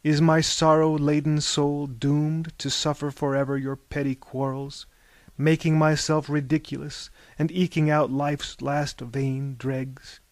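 A man's voice: a little high, little pitch movement, unhurried, no room sound. A man reading a storybook, voicing a weary, lovelorn sea captain who laments theatrically. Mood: lamenting.

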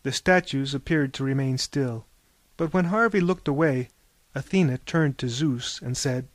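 A man reading a story aloud in a measured, lyrical way. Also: medium pitch, dry recording. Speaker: narrator.

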